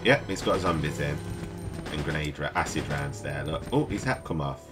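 Up late and worn out, this let's play host from the UK mutters to himself as he plays, his rumbling low voice moving at normal speed. Game music runs underneath his casual, rambling commentary.

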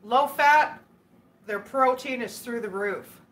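A woman's voice: on the high side, slow, a bit bright. A woman hosting a casual live stream, chatting and giggling as she answers viewer comments. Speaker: livestream host.

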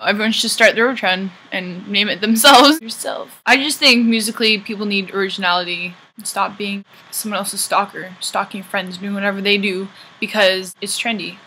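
Bright-voiced Canadian woman rambling. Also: mid-range voice, normal speed, hardly any pauses, slightly rough, low-quality recording. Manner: rambling, joking, opinionated asides. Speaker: singer-songwriter vlogger. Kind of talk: casual chat to camera.

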